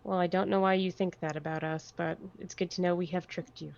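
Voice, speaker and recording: A woman's voice: on the low side, steady tone, fairly quick, vocal fry, darkish tone. A woman playing a tabletop game who talks in a playful, teasing way. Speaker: player. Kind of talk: casual tabletop play. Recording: muffled lo-fi audio.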